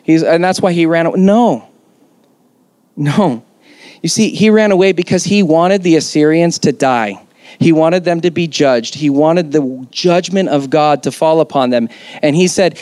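A man's voice: on the high side, measured pace, a little mellow, dry recording. A man preaching a sermon as pastor, conversational yet emphatic, with rhetorical questions.

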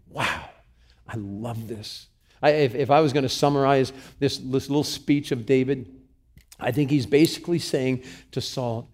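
Male pastor with a mellow tone, preaching with loud readings and hushed asides. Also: mid-range voice, normal speed. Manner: shifts from loud scripture reading to quiet, intimate asides. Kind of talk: sermon.

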